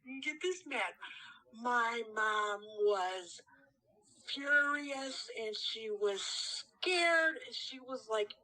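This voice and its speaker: A woman being interviewed, telling her story in a halting, animated way with many restarts. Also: a little high, poor audio. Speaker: interview guest.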